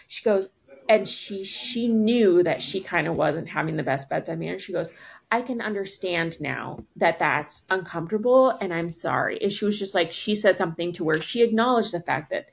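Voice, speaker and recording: A woman co-host tells a story in casual podcast chat, her voice sitting a little low. She acts out both sides of the exchange and scatters "like" through her sentences. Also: moderate pace, creaky. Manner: frequent "like" fillers.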